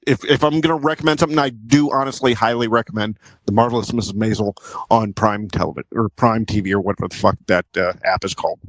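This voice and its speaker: A man's voice: medium pitch, no echo, rough recording. A man co-hosting a podcast in casual chat, profane and rambling, often restarting his sentences. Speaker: podcast co-host.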